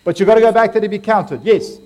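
A man's voice: sits high, fast, a little mellow. A man with an Australian accent giving a playful, interactive sermon, joking with and quizzing his congregation. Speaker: preacher.

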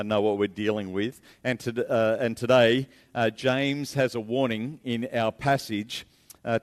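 Male pastor, sermon, earnest with emphatic repetition, mid-range voice. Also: medium pitch. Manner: earnest, repeats key phrases for emphasis. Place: church.

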